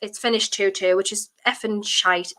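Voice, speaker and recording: This young woman from Durham has a steady, mid-range voice, a little bright, at normal speed, and a toned-down mixed North East English accent. She's casually streaming a football watchalong, reading viewers' comments and responding bluntly with occasional mild swearing.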